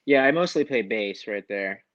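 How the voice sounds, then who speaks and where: A man's voice: lowish voice, animated, normal speed, fairly bright tone, no echo, lo-fi sound. A man calling into a live stream and asking a question hesitantly. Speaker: caller.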